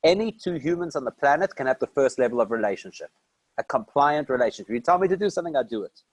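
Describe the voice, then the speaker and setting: A South African rabbi teaches a conversational Torah class, asking questions and then answering them himself. He speaks quickly and animatedly at a medium pitch, in a low-quality recording without echo.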